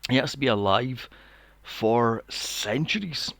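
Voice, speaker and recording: A man's voice: mid-range voice, slow, a bit bright, dry recording. A man in his forties, co-hosting a podcast, ranting sarcastically and swearing while reviewing a movie. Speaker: podcast co-host. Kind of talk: casual movie review chat.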